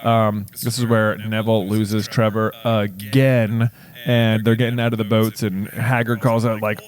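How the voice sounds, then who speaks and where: A man co-hosting a book podcast, chatting casually and laughing as he acts out quick character lines. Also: on the low side, level tone. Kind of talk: casual book-discussion chat.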